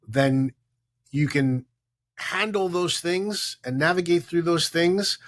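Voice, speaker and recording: A man, a company co-founder, speaking as an interview guest in an earnest, measured, heartfelt way. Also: fairly high pitch, fairly bright tone. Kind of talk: reflective conversation.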